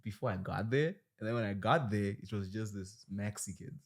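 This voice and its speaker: Casting note: low-pitched male host, loose and joking. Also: normal speed. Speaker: podcast host. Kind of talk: casual podcast interview.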